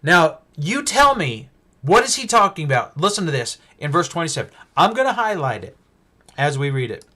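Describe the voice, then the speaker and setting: A male preacher giving a Bible-teaching sermon, emphatic and full of rhetorical questions, swinging between loud stresses and hushed asides. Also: on the high side, very animated, moderate pace.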